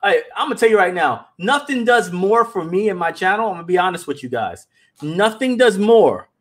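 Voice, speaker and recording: Brief: high-pitched man, casual livestream host, animated and direct with his audience. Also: a little fast. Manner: animated, talks straight to viewers, repeats words. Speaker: animation company founder hosting a livestream.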